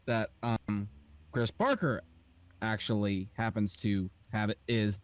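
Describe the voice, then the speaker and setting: A man's voice: fairly low pitch, fairly even intonation, slow pace. A young man hosting a podcast, chatting casually and explaining in a rambling way with lots of fillers. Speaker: podcast host and aspiring voice actor. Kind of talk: casual group chat.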